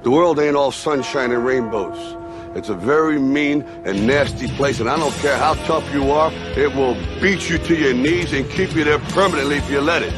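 An actor playing a grizzled aging boxer who gives a slow, gruff, drawling tough-love speech in a film clip. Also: male voice, medium pitch, lightly acted. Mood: gravely earnest. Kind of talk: film monologue. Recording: film clip with music behind. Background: music.

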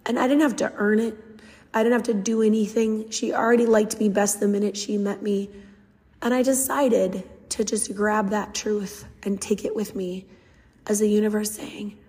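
Woman podcast host, young adult, earnest heartfelt storyteller, mid-pitched, recorded with a long reverb tail. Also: level tone, normal speed, a little mellow. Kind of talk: casual storytelling.

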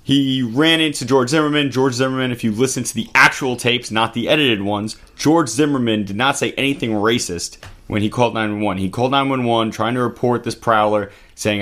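A man's voice: mid-range voice, fairly quick, fairly bright tone. A man giving blunt, profane political commentary in casual chat, co-hosting a talk video.

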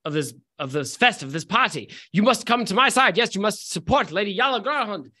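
A man voicing a grand, fussy noblewoman who gushes in a high, affected sing-song voice. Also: expressive, brisk, bright, forceful tone, exaggerated voice. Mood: gushing.

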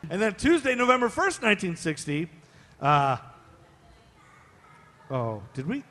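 A man's voice: high voice, very animated, unhurried, a bit bright. A man from Ohio co-hosting a live podcast, telling history stories in a chatty, playful way. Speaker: podcast co-host. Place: live show on a stage. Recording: long reverb of a live stage.

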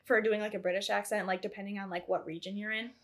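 A young woman co-hosting a casual chat, talking fast and loose with lots of "like" and lively rises in her voice. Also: medium pitch. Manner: chatty, heavy use of "like", animated rises. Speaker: podcast co-host.

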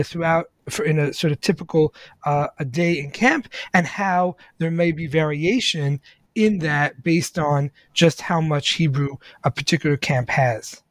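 A man interviewing guests, asking questions in a halting, hesitant way. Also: on the high side, fairly bright tone, no echo.

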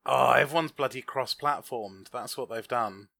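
Bright voiced guy cohost, dry jokey banter, dead dry sound. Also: medium pitch, moderate pace, gravelly, no echo. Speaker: podcast co-host. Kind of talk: casual chat.

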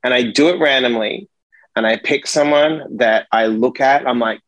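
A middle-aged man talking in a casual podcast conversation, emphatic and profane, telling stories with animated energy. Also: medium pitch, moderate pace, no echo, low-quality recording.

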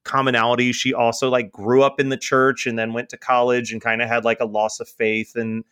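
A young man co-hosting a casual podcast, his voice bright and forward. He tells a long story with frequent laughs and acts out what each person said along the way. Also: mid-range voice, flat delivery, a little fast, clear, resonant tone, no echo, studio quality. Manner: storytelling, laughs often, acts out quoted dialogue. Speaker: podcast co-host. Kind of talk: casual chat.

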